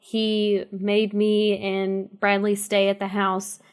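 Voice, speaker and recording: A woman's voice: medium pitch, completely flat delivery, slow pace, clean tone. A woman playing a character in a tabletop role-play, talking with hesitations and restarts. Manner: hesitant, lots of fillers and restarts. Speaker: player.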